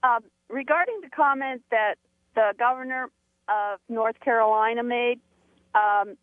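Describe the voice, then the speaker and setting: A woman's voice: a little high, unhurried, dry recording. A woman calling in to a radio show, speaking politely and a little hesitantly. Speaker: caller. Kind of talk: phone-in radio call. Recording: tinny phone line.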